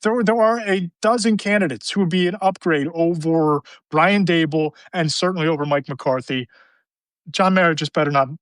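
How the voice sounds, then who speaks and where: A man's voice: fairly high pitch, normal speed, no echo. A man hosting a sports podcast, talking in an emphatic, opinionated way about coaches. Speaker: podcast host. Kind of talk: casual sports talk.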